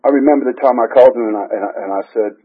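A man giving a halting, emotional personal remembrance of a friend, with fillers and soft laughs. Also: mid-range voice. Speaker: speaker at a memorial gathering. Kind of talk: heartfelt personal remembrance speech. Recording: husky voice over a phone-like narrow line.

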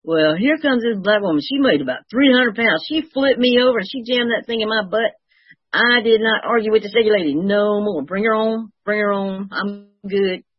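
A woman's voice: on the high side, lively intonation, moderate pace, slightly rough, no room sound, dull audio. An older woman sharing her recovery story with wry, self-mocking humor. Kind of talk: personal testimony, storytelling.

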